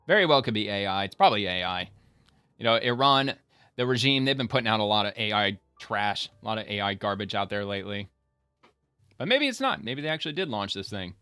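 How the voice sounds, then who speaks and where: Male commentator reacting to clips, chatty and rambling, bright, dry close sound, faint music behind. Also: on the low side, lively intonation, fairly quick, clear, resonant tone, dry recording. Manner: rambling, many fillers and restarts. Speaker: online commentator.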